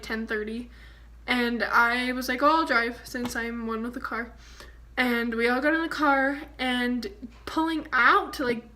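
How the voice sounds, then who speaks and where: A young woman vlogger telling a story casually to the camera, chatty and full of "like". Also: high voice. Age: young adult. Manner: chatty, fillers of "like", animated retelling.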